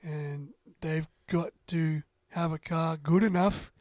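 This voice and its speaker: A man co-hosting a casual podcast chat, upbeat and quick to agree. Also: fairly high pitch, fairly even intonation, darkish tone, no echo. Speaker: podcast co-host.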